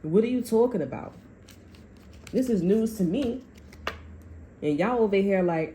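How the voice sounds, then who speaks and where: A woman's voice: mid-range voice, animated, a little slow, pauses often, warm tone, echoey room, slight background noise, rough recording. A woman giving a casual tarot reading. She talks bluntly, swears freely and acts out what people say. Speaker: tarot reader.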